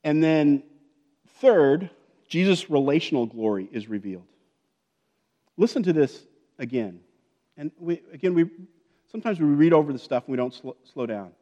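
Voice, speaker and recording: A man's voice: a little high, lively intonation, normal speed, a little mellow. A man preaching a conversational sermon as a pastor, with joking asides and frequent check-ins like "okay?" and "right?". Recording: long reverb of a large hall.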